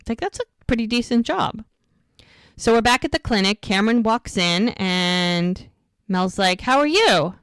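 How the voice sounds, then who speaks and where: A woman co-hosting a rewatch podcast, casually retelling scenes and quoting the characters in quick bursts. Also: mid-range voice, clean tone, no echo, studio quality. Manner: chatty, quotes characters in quick lively bursts. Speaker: podcast co-host recapping episodes.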